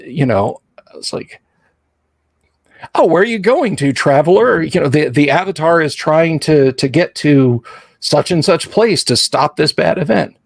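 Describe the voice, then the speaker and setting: A man's voice: on the high side, vocal fry, no echo, studio quality. A middle-aged American man hosting a casual live-stream chat, telling rambling stories full of asides and restarts. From United States. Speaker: podcast host.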